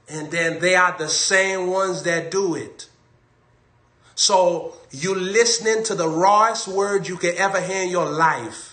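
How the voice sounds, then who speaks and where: A man's voice: sits high, unhurried, bright, forceful tone, echoey room. A man preaching a sermon on a livestream, emphatic and repetitive, hammering his key phrases over and over.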